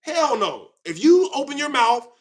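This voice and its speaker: A man hosting his own channel, ranting to viewers in a heated, confrontational way, swinging between loud outbursts and quiet asides. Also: very high-pitched, big pitch swings, moderate pace. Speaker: channel host.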